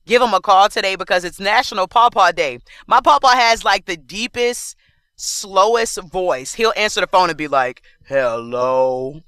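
Male radio DJ, upbeat and chatty, crisp bright voice, dry studio sound. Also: high-pitched, normal speed, no echo. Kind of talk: radio DJ patter. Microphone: studio microphone.

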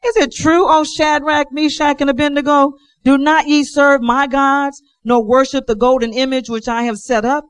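A woman's voice: a little high, steady tone, a little fast, hardly any pauses, no echo, close to an everyday voice. Brief: woman voicing a furious old-world king, demanding, heard dry and close. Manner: demanding, reads in archaic scripture language. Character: proud angry ancient king, male.

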